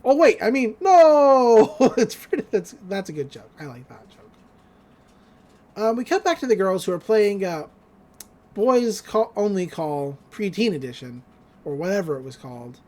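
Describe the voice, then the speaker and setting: A podcast host casually recapping a cartoon episode, animated, laughing often and acting out the lines. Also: medium pitch, normal speed.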